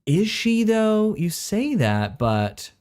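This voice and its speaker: A man's voice: sits high, big pitch swings, slow, a little mellow. Laid-back man chatting on a stream. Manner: laid-back, swears casually, loose rambling speech. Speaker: co-host of an anime reaction stream. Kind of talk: casual chat. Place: home recording room.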